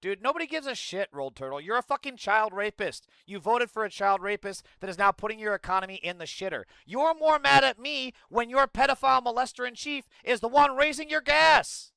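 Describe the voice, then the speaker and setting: A man's voice: extremely high pitch, lively intonation, brisk, gravelly, hardly any pauses, pushed and bright, clear, resonant tone, no room sound. A man streaming heated political commentary, ranting and swearing at his chat. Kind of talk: angry livestream commentary.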